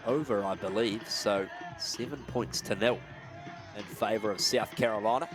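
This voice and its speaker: A man calling live rugby play-by-play, building to shouts on big plays. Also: lowish voice, normal speed, music in the background, a crowd in the background. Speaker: play-by-play commentator.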